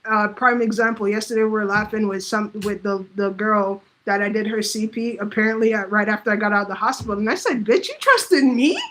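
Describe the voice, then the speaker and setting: A woman's voice: mid-range voice, little pitch movement, fast talker, hardly any pauses, fairly bright tone, slight background noise, rough recording. A woman talking straight to camera about running a business, blunt and heavily profane, often acting out what other people said. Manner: acts out quoted voices. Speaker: vlogger giving business advice. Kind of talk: casual unscripted monologue.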